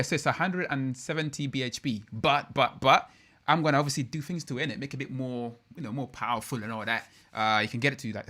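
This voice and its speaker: Young man, bright tone, casual slangy live-stream chat, lots of fillers. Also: mid-range voice. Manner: slangy, loose and chatty with many fillers.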